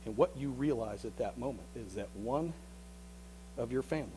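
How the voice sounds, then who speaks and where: A male pastor preaching a sermon as a vivid story, often repeating words and dropping into hushed tones. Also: medium pitch, moderate pace, music in the background, rough recording.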